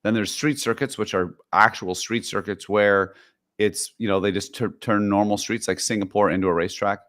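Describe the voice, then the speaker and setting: A man's voice: on the low side, fairly even intonation, moderate pace, a bit bright. Chatty rambling podcast co-host man. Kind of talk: casual chat.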